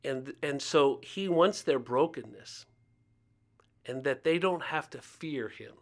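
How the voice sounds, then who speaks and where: A man from Ohio, United States, in his fifties, speaks slowly in a mid-range voice. As a guest on faith and poverty, he tells stories in a relaxed interview and performs the voices of people he quotes.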